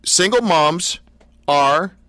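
A man's voice: on the high side, dry recording. A man hosting a radio show, bantering playfully with a guest and laughing easily. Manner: animated, quick to laugh, playful ribbing.

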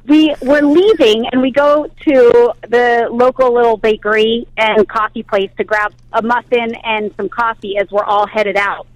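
A woman's voice: fairly high pitch, fairly even intonation, a little slow, few pauses, dry recording, lo-fi sound. A woman in her forties telling a bubbly story by phone from her car, chatting as a radio guest. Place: car on the road.

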